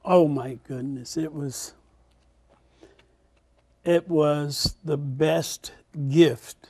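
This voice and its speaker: An older man, a father, recalling a family reunion in a slow, heartfelt, reflective way. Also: on the high side, fairly even intonation, mellow, breathy edge, no room sound, studio quality. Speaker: guest. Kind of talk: heartfelt recollection.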